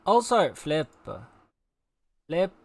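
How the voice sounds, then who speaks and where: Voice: medium pitch, lively intonation, drawn-out words, a little mellow, no echo. A game streamer chatting casually with viewers while playing, playful and teasing. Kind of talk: casual live-stream chat while gaming.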